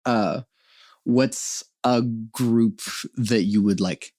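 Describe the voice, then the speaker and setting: A man hosting a laid-back interview from his home, asking short, friendly questions and laughing easily. His voice sits in a middle pitch. The recording is close and dry. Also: very slow, dark tone, dry recording. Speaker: podcast host. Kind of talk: casual interview chat.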